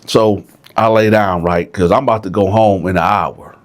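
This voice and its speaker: A man's voice: on the low side, steady tone, normal speed. A man telling a jail story casually, often checking in with the listeners. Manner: conversational, frequent "right?", addresses listeners.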